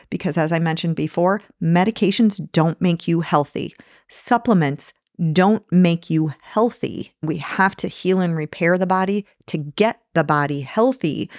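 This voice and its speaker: Brief: middle-aged woman clinician, earnest and encouraging, lowish voice, dry close sound. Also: a little mellow, dry recording. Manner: earnest, encouraging, repeats key phrases. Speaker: nurse practitioner and clinic owner, guest. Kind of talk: podcast interview answers.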